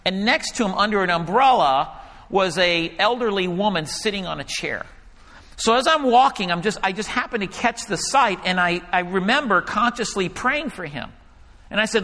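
A male pastor preaching a sermon and telling a story, animated at times and hushed when he quotes a prayer. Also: high-pitched, normal speed. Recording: hall reverb.

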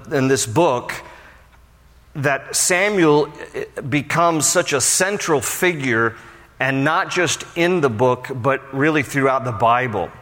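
A pastor with a medium-pitched, fairly bright voice teaches from the Bible conversationally, slipping in storytelling asides. The recording carries the long reverb of a large hall.

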